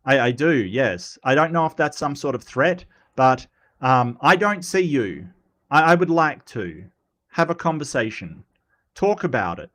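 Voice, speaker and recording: A male livestream host in casual commentary, reading chat aloud, chatty and teasing, often repeating words and filling pauses. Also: medium pitch, sing-song, fairly bright tone.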